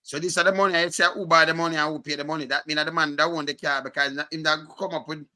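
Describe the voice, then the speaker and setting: A man with a Jamaican accent reading through documents and commenting, animated and emphatic in patois. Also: on the high side, racing. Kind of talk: casual chat.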